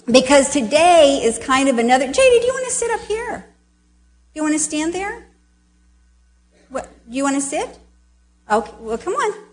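A middle-aged woman with a somewhat high voice leads a children's sermon. She talks in a chatty, loose way and acts out little quoted reactions with a long "ah". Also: very animated, normal speed, pauses often.

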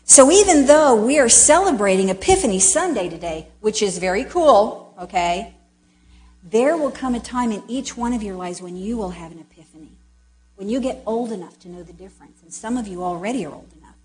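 A middle-aged woman giving a children's sermon in a chatty way, acting out quoted reactions with a drawn-out "ah". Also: mid-range voice, expressive, a little mellow, a little hiss or hum.

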